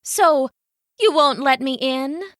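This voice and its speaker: A woman's voice: sits high, takes it slowly, no room sound, studio quality, pitched above the performer's own voice. A woman voicing a cheerful female flea who talks like a friendly saleswoman. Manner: chirpy, salesy.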